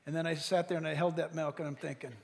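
A pastor preaching a sermon in an animated, storytelling way, speaking straight to his congregation. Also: on the high side, quick pace, vocal fry, big-room sound, some chatter behind.

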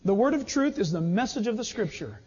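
A man's voice: high-pitched, very animated, brisk, a little mellow, breathy edge. A man preaching a sermon with emphasis who acts out little everyday scenes. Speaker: pastor. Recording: dull sound in a reverberant hall.

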